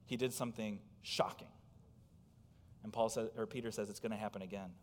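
A male pastor with a mid-range, slightly mellow voice delivers a sermon a little fast in a steady tone. He speaks emphatically and questions the congregation directly, with long church hall reverb around him in the sanctuary.

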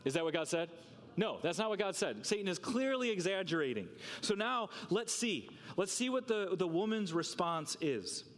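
A man preaches a sermon in a lively voice that climbs and drops, asking rhetorical questions and doubling back on his words. His voice sits a little high for a man. A long reverb trails behind him, as in a large hall. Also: normal speed.

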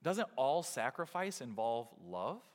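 A man preaching a sermon as pastor, swinging from loud emphasis down to quiet, close remarks. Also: mid-range voice, takes it slowly, long reverb tail. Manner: expressive preaching, rising and dropping to near quiet.

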